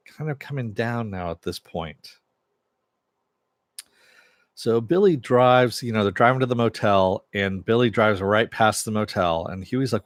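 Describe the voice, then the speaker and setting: A man's voice: fairly low pitch, moderate pace, dry recording, studio quality. A man casually recapping a TV episode, retelling scenes loosely with lots of fillers and quoted lines. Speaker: TV show reviewer.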